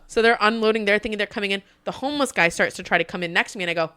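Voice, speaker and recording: A woman with a Texan accent, co-hosting a casual podcast and telling a work story in an animated way, acting out quotes and laughing often. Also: medium pitch, very fast, few pauses, smooth. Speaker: podcast co-host.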